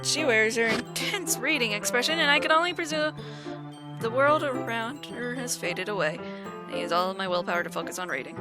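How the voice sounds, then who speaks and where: A woman's voice: a little high, fairly quick. A young woman hosting a playthrough, reading a visual novel's text aloud with stumbles and giggly asides of her own. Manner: reads narration with stumbles and restarts, breaks into giggly asides. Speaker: let's play host. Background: game music.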